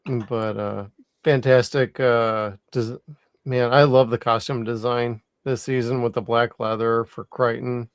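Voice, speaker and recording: A man's voice: medium pitch, little pitch movement, a little slow, smooth, no room sound, clean studio sound. A tired man co-hosting a podcast, chatting enthusiastically and swearing casually. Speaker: podcast co-host. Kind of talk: casual chat.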